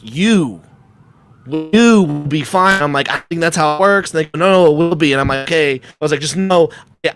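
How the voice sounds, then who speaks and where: A young man, a podcast guest, telling a long story in casual chat and acting out the people in it. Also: fairly high pitch. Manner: animated storyteller, acts out quotes with shouts and laughs. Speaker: podcast guest, comic creator.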